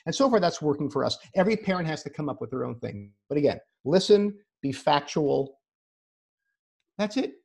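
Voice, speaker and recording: Creaky, husky-voiced man giving advice. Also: on the high side, big pitch swings, normal speed, a little mellow. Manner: repeats words when starting sentences; explains in numbered practical steps. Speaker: therapist guest. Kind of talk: casual advice conversation.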